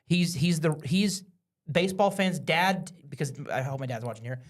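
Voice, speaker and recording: Host, man, slightly high voice, opinionated, casual draft commentary. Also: moderate pace. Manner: opinionated, talks over others. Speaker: podcast host. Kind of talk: casual sports chat.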